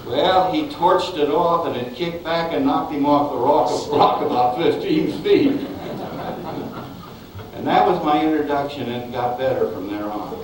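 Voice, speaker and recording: Slightly slow, with a mid-range male voice, an older film director tells chuckling, rambling anecdotes about his old Westerns during an interview, frequently restarting. It sounds recorded on a far mic in an echoey space with background noise.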